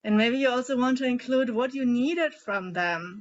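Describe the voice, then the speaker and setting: A woman with a somewhat high voice leads a group through tapping and emotional release work. She talks gently and coaxingly, asking one guiding question after another. The recording sounds muffled and lo-fi, like an online call. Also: normal speed, few pauses. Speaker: emotional eating coach leading a group session.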